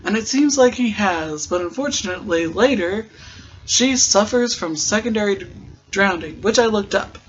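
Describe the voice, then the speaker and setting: High-pitched guy doing a jokey rambly episode recap podcast, kinda muffled lo-fi audio. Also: lively intonation, normal speed. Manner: chatty, joking, rambling asides.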